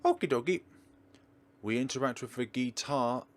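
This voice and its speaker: A man's voice: mid-range voice, lively intonation, moderate pace. A man hosting a let's play, giving chatty, rambling gameplay commentary with jokes.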